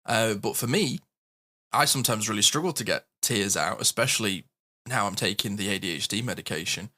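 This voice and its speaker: Bright-voiced man telling candid stories. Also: on the low side, fairly quick. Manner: candid, animated storyteller, laughs easily. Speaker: podcast co-host. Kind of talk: casual podcast chat.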